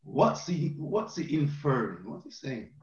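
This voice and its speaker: Animated man leading Bible study. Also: mid-range voice, a little slow, a crowd in the background. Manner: animated, repeats phrases for emphasis. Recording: roomy, dull lo-fi sound.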